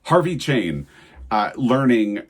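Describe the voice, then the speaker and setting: A man's voice: medium pitch, sing-song, slow pace, husky. A man co-hosting a casual book review chat, summarizing in detail and giving frank opinions. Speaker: book channel co-host.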